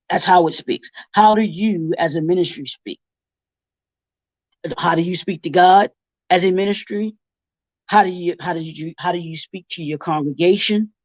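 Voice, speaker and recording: A man leading a workshop presentation, firing off rhetorical questions and repeating each point twice. The recording is dull and lo-fi, with a dry, close sound and no room echo. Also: high-pitched. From Baltimore.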